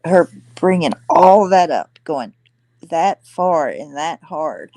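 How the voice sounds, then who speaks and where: A woman joining a casual livestream chat, musing slowly and trailing off mid-thought. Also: deep voice, animated, warm tone, dry recording.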